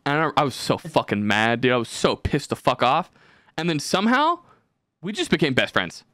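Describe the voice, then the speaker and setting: Male podcast host, casual and profane, rambling anecdotes, bright tone, dry close sound. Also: mid-range voice, sing-song, normal speed, no room sound. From California.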